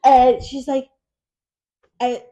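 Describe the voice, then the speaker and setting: A woman telling a story in casual chat, animated and acting out quotes with frequent laughter. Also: high voice, extremely slow. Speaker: podcast co-host.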